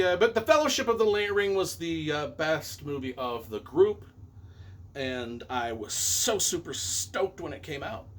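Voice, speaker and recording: A middle-aged man, a novelist and movie reviewer, counts down his favorite films on camera in a fairly high-pitched voice, rambling enthusiastically and correcting himself as he goes.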